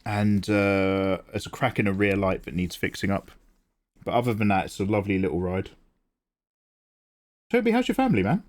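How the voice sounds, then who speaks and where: A middle-aged British man hosting a livestream, chatting casually with viewers and answering them with quick jokes and asides. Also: sits low, fairly even intonation. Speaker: livestream host. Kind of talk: casual chat with viewers while drawing.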